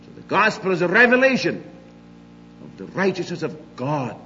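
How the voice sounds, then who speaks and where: An older man preaching a sermon, emphatic, moving between loud declarations and quiet asides. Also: sits high, wildly swooping pitch, normal speed, long reverb tail, highs cut off, a little hiss or hum.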